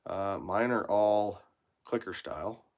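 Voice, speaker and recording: Slow and on the low side, a mechanic's voice carries a casual live stream from his workshop, where he swears freely, reads viewer comments aloud, and wanders through blunt talk about tools.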